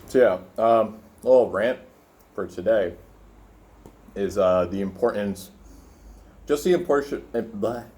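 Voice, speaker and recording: A young man with a fairly low voice talks casually from his room, eating as he goes. He rambles loosely, full of fillers and the odd curse, and keeps an easygoing vlog tone throughout. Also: a little slow, long pauses, dark tone. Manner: rambling, profane, filler-heavy, talking while eating. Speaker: vlogger. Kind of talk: casual food vlog with rant.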